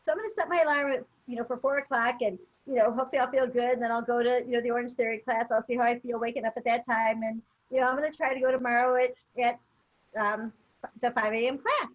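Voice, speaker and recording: A woman's voice: on the high side, steady tone, quick pace, muffled recording. A woman co-hosting a motivational webinar, telling a personal story in a chatty way with many fillers. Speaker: webinar co-host. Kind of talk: casual motivational chat.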